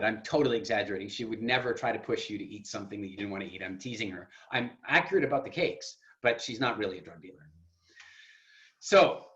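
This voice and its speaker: A man hosts a group video call and coaches with emphatic, teasing energy, swinging from loud to soft. His voice sits a little high and comes through a dull, lo-fi connection in an echoey room. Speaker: program founder and call host.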